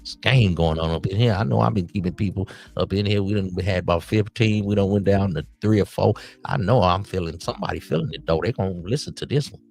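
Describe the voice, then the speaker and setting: A man's voice: low voice, quick pace, gravelly, hardly any pauses, darkish tone. A man hosting a late-night podcast stream in a casual monologue, handing out streetwise, preachy advice to the young men he calls his nephews. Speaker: podcast host.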